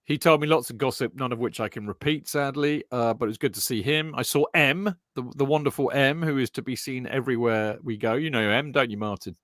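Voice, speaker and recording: A man's voice: medium pitch, brisk, few pauses, fairly bright tone, no room sound, studio quality. A man hosting a fan podcast, talking in a chatty, rambling way with lots of fillers and restarts. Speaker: podcast host. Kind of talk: casual chat.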